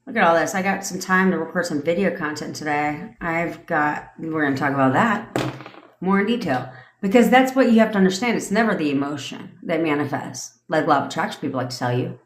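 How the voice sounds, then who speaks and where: A low-voiced, middle-aged manifestation coach rants casually on a livestream, coaching her audience bluntly and swearing freely. She talks in an animated, slightly fast way, her voice echoing around the room over faint background noise.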